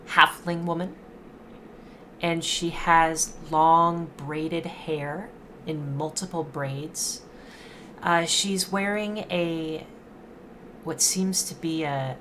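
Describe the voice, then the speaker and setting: A woman game master narrates a tabletop game in a low voice at an unhurried pace. She often pauses and fills gaps with searching "ums" as she paints the scene. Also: a bit bright, slight background noise. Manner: halting, searching for words with many fillers.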